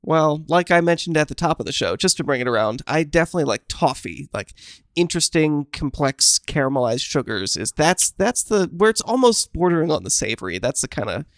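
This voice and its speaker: A man's voice: fairly high pitch, big pitch swings, a little fast, dry recording, clean studio sound. A man co-hosting a podcast, chatting casually and easily with his co-host. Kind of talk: casual chat.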